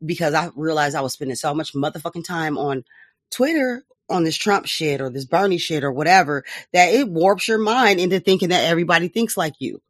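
A woman's voice: low voice, brisk, no echo, studio quality. Profane laughing woman podcast host. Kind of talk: casual political commentary.

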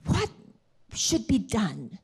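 A woman voicing an ancient king with a booming, theatrical and commanding delivery. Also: wildly swooping pitch, very slow, creaky, husky, full character voice. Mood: regal. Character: king of old, grand, quick to anger.

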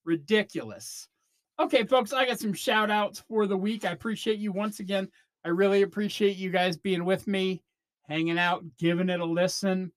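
A man's voice: high-pitched, normal speed, dry recording. A man hosting a comedy podcast, delivering a rambling, self-interrupting rant into a close mic, breaking off mid-sentence and slipping into mock voices. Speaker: podcast host. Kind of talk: comedic monologue.

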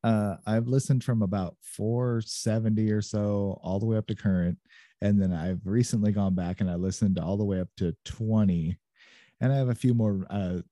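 An easygoing man chats as a podcast guest, laughing often. His voice is low and mellow, recorded close in a dry room. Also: steady tone, normal speed, dry recording. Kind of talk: casual podcast chat.

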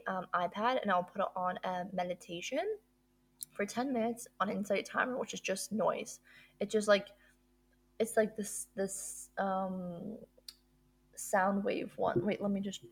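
This podcast host speaks in a mid-range voice that is creaky and slightly rough. Her solo monologue about her routine is casual, gushing and upbeat, packed with filler words.

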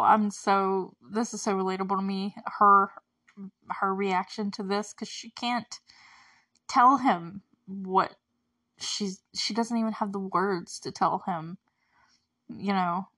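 A woman's voice: mid-range voice, fairly bright tone. A young woman casually recapping a TV episode, chatty and filler-heavy, laughing often. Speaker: show recapper.

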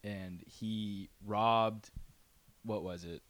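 A young man co-hosting a podcast, relaxed, reading out odd headlines from his notes in casual chat. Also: lowish voice, very slow, no echo. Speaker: podcast co-host.

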